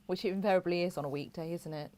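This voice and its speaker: A woman's voice: fairly low pitch, steady tone, rapid-fire, darkish tone. A woman co-hosting a casual chat, easygoing and agreeable. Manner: easygoing, agreeable, chuckles along. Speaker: co-host.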